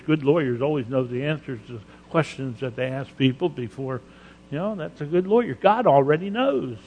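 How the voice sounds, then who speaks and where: A man's voice: on the high side, darkish tone. A male pastor preaching a sermon emphatically, with rhetorical questions and dramatized quotes in a church sanctuary. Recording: long reverb of a large hall.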